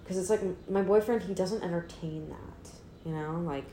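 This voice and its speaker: A woman's voice: fairly low pitch, normal speed, warm tone, a little hiss or hum. A woman in her twenties talking casually and candidly on her own, rambling and self-deprecating with lots of fillers and swearing, recorded in her apartment. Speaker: podcast host. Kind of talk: casual solo chat. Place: old apartment, indoors.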